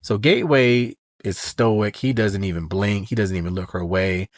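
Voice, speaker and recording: Man, podcast host, casual comic recap, voices the characters' lines in passing, low voice, dry close sound. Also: moderate pace, dry recording. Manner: storytelling, acts out characters' lines in quotes.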